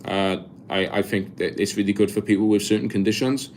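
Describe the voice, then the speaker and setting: A man's voice: lowish voice, fairly even intonation, brisk, darkish tone, slight background noise. Chatty young Welsh man on a live stream. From Wales. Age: 20s. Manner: rambling, chatty, many restarts and fillers; reads viewer comments aloud and answers them. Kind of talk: casual live-stream chat.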